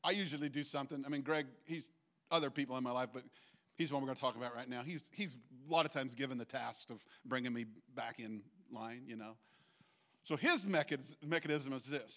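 Chatty, halting middle-aged male preacher. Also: medium pitch, lively intonation, a bit bright. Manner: conversational, halting restarts, acts out quotes. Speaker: pastor. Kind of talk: sermon.

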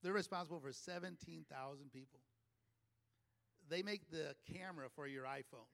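A man's voice: a little high, normal speed, creaky, a bit bright. A man, a leadership coach, telling a chatty story to a live audience and laughing often between phrases.

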